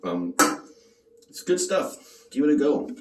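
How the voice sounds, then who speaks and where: A man's voice: medium pitch, very animated, measured pace, a little mellow, echoey room, distant mic. A man casually tasting and reviewing a beer on his vlog, joking and swearing as he rambles.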